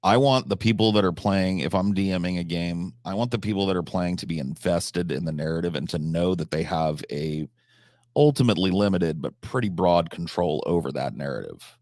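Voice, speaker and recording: A man's voice: low-pitched, animated, fairly quick, darkish tone, no room sound, clean studio sound. A man chatting casually on a live stream, answering chat questions, swearing freely, with frequent restarts and fillers.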